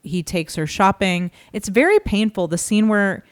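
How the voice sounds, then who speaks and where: A woman's voice: medium pitch, lively intonation, normal speed. A woman co-hosting a film podcast, talking casually and bluntly, swearing freely. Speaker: podcast co-host.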